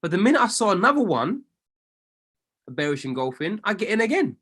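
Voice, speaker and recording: A man, a trading coach talking casually through trades on screen, excitable and often correcting and apologizing to himself. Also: high-pitched, brisk, breathy edge. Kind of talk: casual commentary while reviewing trades on screen.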